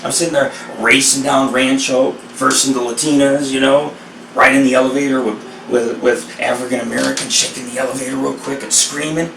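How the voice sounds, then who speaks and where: A man rambling through casual storytelling, excitable and profane. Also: medium pitch, a little fast, gravelly, slight background noise. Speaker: vlogger. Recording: echoey sound from a distant mic with faint ambience.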